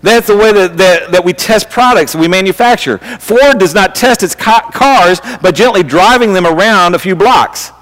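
A man's voice: high-pitched, normal speed, few pauses, a bit bright, in a large hall, rough recording. A man preaching a sermon in a conversational way, often restarting his sentences and asking his listeners questions. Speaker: pastor.

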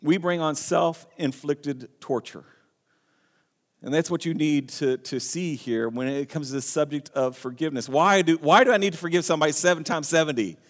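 A man's voice: a little high, moderate pace. A man preaching a sermon in earnest, reading scripture aloud and often restarting his phrases. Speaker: pastor. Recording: long hall reverb.

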